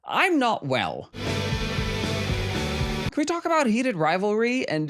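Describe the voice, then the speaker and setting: A man talking casually about a show from home, with a lively voice that leaps high and then sinks to low asides. His delivery is campy and animated, full of bursts and muttered jokes. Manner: animated and campy, big pitch swings, drops to mutters. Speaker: video essay host. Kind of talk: casual commentary.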